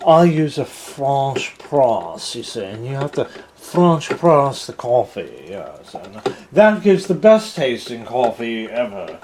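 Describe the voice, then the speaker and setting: A man's voice: medium pitch, very animated, slow pace, a little mellow. A haughty coffee snob with a put-on fake French accent, as a man mocks him. He talks in an affected, self-satisfied way, with light background hiss. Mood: snooty.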